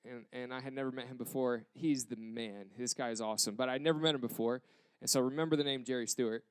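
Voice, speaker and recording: A young American man, a pastor, telling a story in a sermon with animated acted quotes. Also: mid-range voice, fast talker, clean tone, no room sound. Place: church campus.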